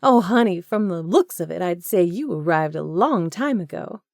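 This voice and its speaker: A woman's voice: lowish voice, animated, normal speed, creaky, darkish tone, no echo, studio quality. A woman voicing a flirty, man-hungry blonde woman who gushes and teases. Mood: teasing. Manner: gushing, teasing.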